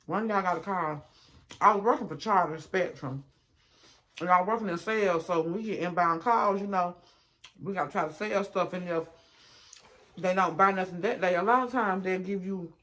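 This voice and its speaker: A woman's voice: on the low side, fairly bright tone. A woman, chatting casually to her viewers while she eats. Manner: chatty, addresses viewers as y'all and honey. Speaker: mukbang vlogger. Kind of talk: casual storytelling while eating.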